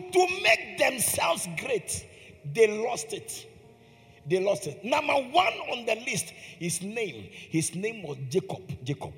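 A male preacher with a high, gravelly voice that swings widely up and down. He preaches slowly and with emphasis, repeats his phrases, and questions the congregation. His voice rings with long reverb in a large hall, with faint music behind him. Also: fairly bright tone. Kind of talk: sermon.

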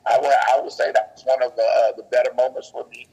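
A man's voice: mid-range voice, flat delivery, fast talker, a little mellow, breathy edge, poor audio. A man in casual faith talk, earnest and preachy, often repeating his words as he goes.

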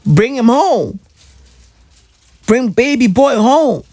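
A woman's voice: a little high, animated, slow pace, mellow. A woman ranting casually as a football fan, slangy and repetitive, pleading over and over. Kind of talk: casual rant to camera.

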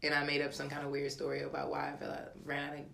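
Bright-voiced woman in her thirties, animated. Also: deep voice, very fast, vocal fry, echoey room. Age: 30s. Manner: animated storytelling, acts out voices. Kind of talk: casual chat.

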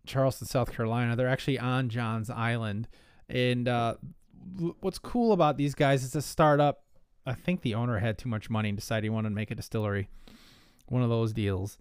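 A man's voice: medium pitch, clear, resonant tone, dry recording, studio quality. A man hosting a casual whiskey podcast, rambling with frequent fillers and restarts, a little out of breath. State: slightly out of breath.

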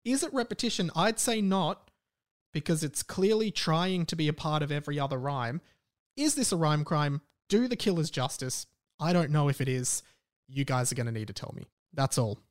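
A man's voice: fairly high pitch, lively intonation, moderate pace. An Australian man hosting a podcast, chatting casually in a rambling, wry way and often correcting himself mid-sentence. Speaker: podcast host.

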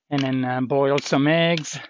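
A man walking outdoors on a hilly trail, talking in a rambling, halting way with lots of fillers as he vlogs his pilgrimage. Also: mid-range voice. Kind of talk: casual walking vlog. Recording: dull lo-fi with faint noise.

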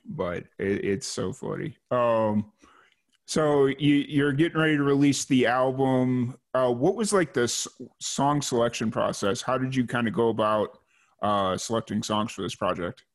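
A podcast host from Chicago speaks with a Chicago accent in an ordinary mid-range voice. He keeps the chat friendly and conversational and answers with quick, agreeable replies. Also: mid-range voice. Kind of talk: casual interview chat.

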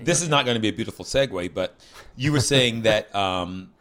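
A man co-hosting a casual comedy chat, riffing absurd jokes and teasing his partner in a deadpan way. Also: lowish voice, brisk. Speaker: podcast co-host.

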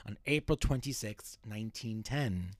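A man's voice: fairly low pitch, lively intonation, normal speed. A man co-hosting a casual podcast, telling a history story in a chatty, joking way. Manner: chatty, jokey, self-deprecating narrator. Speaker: podcast co-host.

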